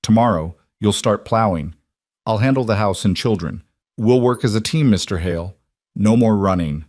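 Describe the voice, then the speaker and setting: A stubborn, caring frontier woman who talks firm but gentle, as a male narrator puts her on. She sounds in his own fairly low voice, with a close, dry storybook sound. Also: moderate pace, no room sound, natural voice.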